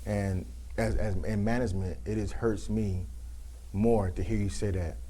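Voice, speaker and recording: A man presenting a leadership workshop, talking in a casual, colloquial and animated way while acting out role-plays. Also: on the low side, normal speed, low-quality recording.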